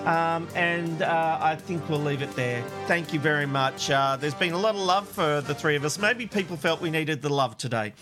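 A high-pitched man hosting a chat show and reading out listener messages. He is jokey and laughs easily. Music plays clearly under his voice. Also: moderate pace, hardly any pauses. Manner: jokey, laughs often, reads comments aloud. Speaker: co-host reading listener feedback. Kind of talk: casual chat show banter.

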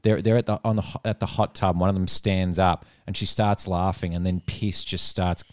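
A man co-hosting a podcast in casual chat, expressive and incredulous. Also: sits low, moderate pace, no echo, clean studio sound. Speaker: podcast co-host.

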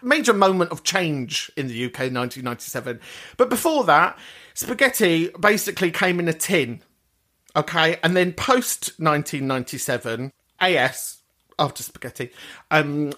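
A man's voice: a little high, expressive, normal speed, bright, forceful tone. A man hosting a podcast, replying to listener messages with crude, camp, theatrical chat. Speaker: podcast host.

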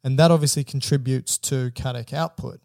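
Gravelly mellow guy co-hosting a chatty science podcast, breaks stuff into easy steps, dry close mic. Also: mid-range voice, steady tone, fairly quick, dry recording. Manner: explains in plain steps, asks prompting questions. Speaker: podcast co-host. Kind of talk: casual educational chat.

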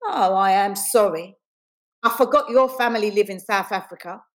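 A woman reading aloud voices a brash, mocking teenage schoolgirl bully with slow, drawling taunts. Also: mid-range voice, close to an everyday voice.

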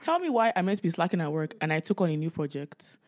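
Young woman telling lively work stories. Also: fairly low pitch, fast talker. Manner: animated storytelling, acts out quoted dialogue. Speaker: podcast co-host. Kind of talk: casual chat.

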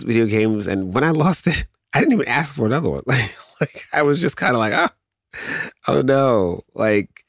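A man in his thirties hosting a podcast, rambling through a casual nostalgic rant full of restarts and sudden jumps in pitch. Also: dry recording, studio quality. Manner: rambling, self-interrupting, animated with laughs and sudden pitch jumps. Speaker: podcast host.

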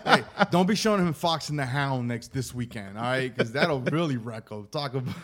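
A man's voice: medium pitch, animated, a little fast, a bit bright. A man co-hosting a podcast in casual chat, easygoing and teasing his co-host.

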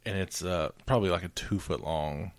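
A man's voice: low voice, normal speed. A man co-hosting a casual chat, joking dryly and rambling through stories. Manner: dry joking, rambling storyteller.

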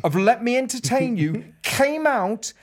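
A man's voice: very high voice, unhurried. A man co-hosting a podcast, telling an anecdote in casual chat and acting out the voices of the people in it. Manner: animated, acts out the voices in his anecdotes. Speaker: podcast co-host.

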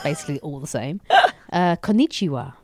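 A woman's voice: sits low, animated, a little fast, warm tone, dry recording. A woman co-hosting a podcast, bantering playfully. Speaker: podcast co-host. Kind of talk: casual chat.

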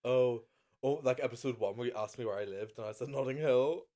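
With a mid-range, dark-toned voice and a slightly fast pace, a young man co-hosts a laid-back podcast indoors with his partner. The chat is playful and camp, and he laughs a lot.

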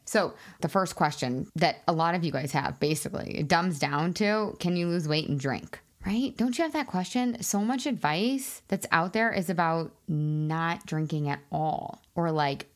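A woman hosting her own podcast as a weight loss coach, chatting in a bubbly, excitable way full of fillers. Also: low-pitched. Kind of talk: casual solo podcast talk.

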